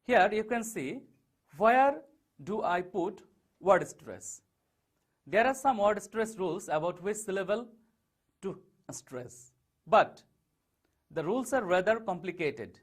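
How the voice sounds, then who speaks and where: A man walks a class through syllables and word stress. His voice sits high and swings widely in pitch. He slows down and leans on each example word. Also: lively intonation. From Bangladesh. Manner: slow, stressing key words one at a time. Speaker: teacher. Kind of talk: online English lesson over slides.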